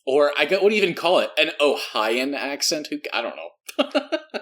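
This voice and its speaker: A man co-hosting a movie review podcast in casual chat, animated and laughing often, dropping to low mutters. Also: moderate pace. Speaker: podcast co-host.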